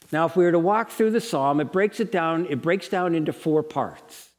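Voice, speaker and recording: A man's voice: on the high side, moderate pace, few pauses, big-room sound. A man preaching a sermon at a Bible college in an earnest, lecturing tone that rises into passionate pleading.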